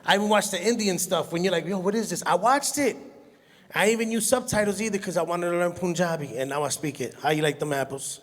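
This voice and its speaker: A man, doing an animated, self-mocking stand-up comedy set and laughing at his own jokes. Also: high voice, quick pace, few pauses. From Brooklyn, New York. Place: large hall on stage. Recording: echoey hall sound.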